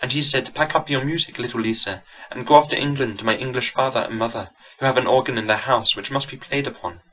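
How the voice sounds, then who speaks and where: Man doing a lonely young woman organist, soft Italian accent, raised and gentle, bright tone, storybook horror. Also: mid-range voice, fast, low-quality recording. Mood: soft wistful. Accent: put-on Italian accent.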